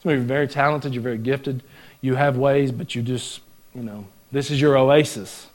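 A man with a Southern US accent preaching a folksy, joking sermon in a church, swinging from loud exhortation to hushed asides. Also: medium pitch, steady tone, moderate pace. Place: church sanctuary.

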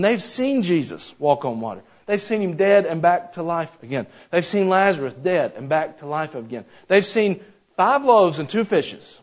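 A man's voice: fairly high pitch, a little mellow. A man preaching a sermon in a folksy, conversational way, talking straight to his congregation. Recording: slightly dull lo-fi sound.

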